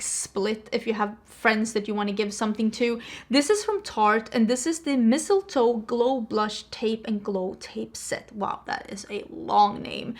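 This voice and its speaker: Chatty woman, fairly high voice. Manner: chatty, animated, jokey rants. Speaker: beauty channel host. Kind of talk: casual talk to camera.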